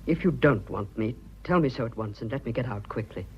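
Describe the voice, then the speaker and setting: A man's voice: medium pitch, lively intonation, fairly quick, a little hiss or hum, close to an everyday voice. An English actor playing an earnest, bashful young businessman declaring his love, in 1940s radio acting. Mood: flustered, ardent. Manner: bashful, blustering, eager. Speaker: suitor. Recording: dull old radio broadcast.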